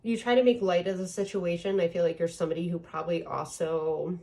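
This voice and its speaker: A woman's voice: lowish voice, steady tone, brisk, vocal fry, warm tone. A woman giving a casual tarot reading, talking in a rambling, chatty way full of ums and likes. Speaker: tarot reader.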